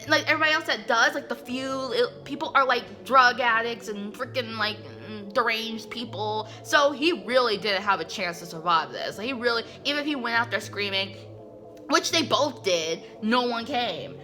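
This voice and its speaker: A woman hosting a casual comic recap, talking in a chatty, animated way with many fillers. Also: on the high side, moderate pace, soft background music.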